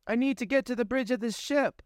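A man's voice: extremely high pitch, fairly quick, no echo, clean studio sound, pitched above the performer's own voice. A man voicing a determined young woman who is a new recruit, talking in an urgent, commanding way.

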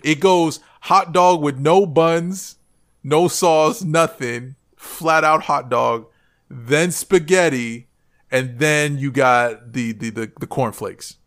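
A man co-hosting a casual podcast, ranting in an animated, comic way. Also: fairly high pitch, takes it slowly. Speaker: podcast co-host.

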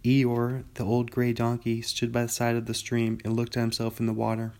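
A man narrating an audiobook in a calm, even way. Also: mid-range voice, normal speed.

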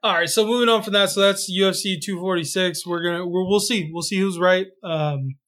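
A man's voice: high-pitched, fairly quick. Rambling man chatting about fights. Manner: relaxed, rambling with many fillers and restarts. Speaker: podcast co-host. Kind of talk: casual sports chat.

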